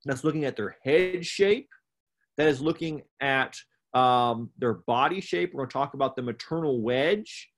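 A man's voice: mid-range voice, normal speed. Male livestock judging instructor, mid-range voice, methodical explainer with fillers and self-corrections.

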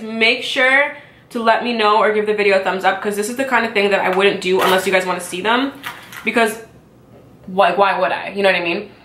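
Chewing through a meal at home, a young woman vlogs a laid-back mukbang and vents in an exasperated, chatty stream full of filler words. The echoey room carries her slightly bright, medium-pitched voice.

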